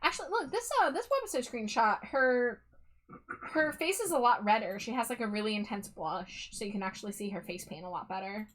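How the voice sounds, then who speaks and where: A woman's voice: a little high, expressive, fairly quick. A woman hosting a live stream, giving chatty, opinionated commentary with lots of fillers. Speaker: streamer host.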